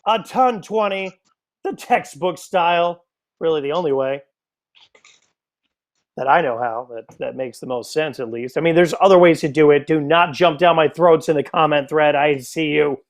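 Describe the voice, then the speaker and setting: A man's voice: on the high side, normal speed. A man from the United States doing live darts commentary, chatty and joking in asides to viewers.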